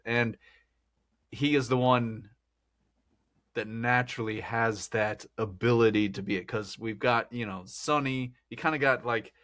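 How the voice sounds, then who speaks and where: A man's voice: mid-range voice, fairly even intonation, measured pace, a bit bright. A man hosting a podcast, talking through a film in a rambling, chatty way and laughing often. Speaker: podcast host. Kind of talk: casual film discussion.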